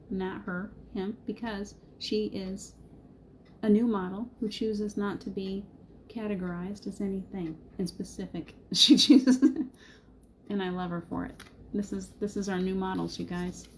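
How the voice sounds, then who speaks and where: A woman's voice: mid-range voice, mellow, a little hiss or hum. A middle-aged woman hosting a live spiritual card reading, speaking in a soothing, reassuring way, laughing easily and greeting viewers by name. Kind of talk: gentle encouraging spiritual talk to live viewers.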